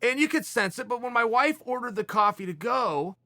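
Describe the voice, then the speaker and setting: A man with a high, bright voice tells a rambling story with emphatic energy. He restarts sentences often and leans hard on key words. The sound is dry and close, with no room around it. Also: lively intonation, fairly quick, no room sound. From Oregon, US. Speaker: podcast host. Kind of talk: casual storytelling.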